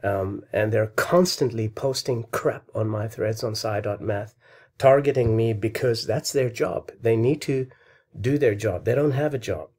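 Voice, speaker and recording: A man's voice: fairly low pitch, unhurried, darkish tone. A man hosting a math video, lecturing in an angry, insulting, worked-up rant. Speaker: host of a math channel.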